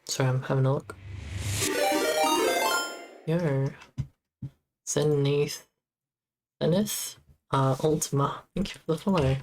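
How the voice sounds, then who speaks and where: Very low-voiced woman muttering while coding. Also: over music. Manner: muttering to herself while debugging, halting. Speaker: game developer streamer. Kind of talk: casual live-stream coding commentary.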